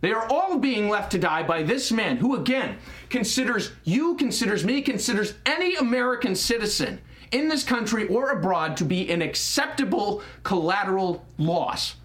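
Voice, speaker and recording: A man's voice: high voice, sing-song, moderate pace, a bit bright. A young man hosting a podcast, delivering a heated opinion monologue with frequent stammering restarts. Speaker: podcast host.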